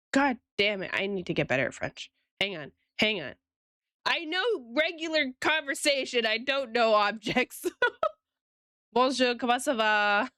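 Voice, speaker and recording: A woman's voice: mid-range voice, pushed and bright, clear, resonant tone, no echo, clean studio sound. A woman streamer chatting casually with her viewers while she draws, giggling often and talking straight to chat.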